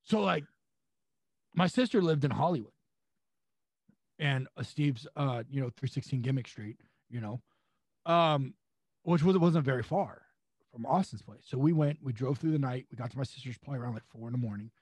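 A young adult man, a pro wrestler guest, telling a long anecdote with lively acted-out quotes. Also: medium pitch, a little fast, slightly rough, no room sound. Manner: animated, acts out quotes with voices and laughs. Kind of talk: storytelling anecdote.

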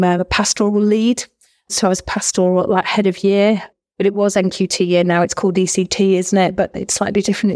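Her voice is mid-range with a darkish tone. She is a middle-aged former language teacher being interviewed, casually and eagerly storytelling and wandering off into frequent asides.

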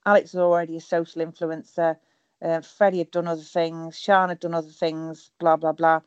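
A woman's voice: sits low, flat delivery, normal speed, clean tone, no room sound, muffled recording. A middle-aged woman chatting as a guest over a call, blunt and humorous, swearing freely. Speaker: guest, former reality show contestant. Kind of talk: casual chat over a call.

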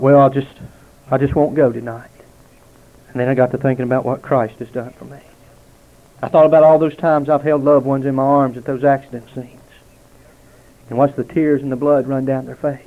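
A man giving a heartfelt spoken testimony to a gathering at a restaurant, telling stories with dramatic pauses. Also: medium pitch. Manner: earnest, storytelling with dramatic pauses. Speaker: lay speaker giving testimony. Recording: tinny, narrow-band lo-fi recording.

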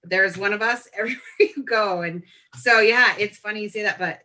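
A chatty woman in her forties from Colorado, sharing stories as a guest in a casual talk. Her voice is bright and forward, with an easy, lively way of speaking. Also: mid-range voice, a little fast. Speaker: podcast guest. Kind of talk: casual storytelling chat.

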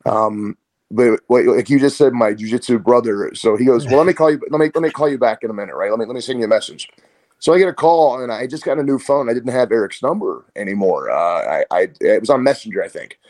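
A man's voice: medium pitch, fast talker. A man, a martial arts coach, talking casually as an interview guest and telling stories with quoted voices. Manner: storytelling, animated with quoted voices.

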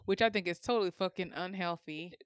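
Young woman host, casual and blunt, laughs easily, crisp dry close-mic sound. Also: lowish voice, fast talker, no room sound. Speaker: podcast host. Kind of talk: casual chat.

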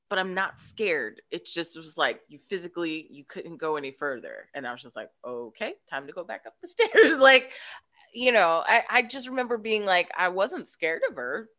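A woman's voice: fairly low pitch, moderate pace. A woman, a podcast guest, telling a childhood story in casual chat and acting out the voices in it. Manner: animated, acts out voices in her story.

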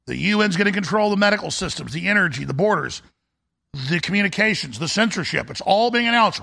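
A man hosting a talk show, ranting through a fiery political monologue. His voice is gravelly and raised high, with a bright, forceful edge. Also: brisk.

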